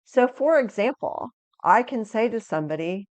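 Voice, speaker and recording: A woman presenting a video lesson on understanding emotions, with an energetic, inviting teaching tone. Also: fairly high pitch, normal speed, no echo. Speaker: resilience educator.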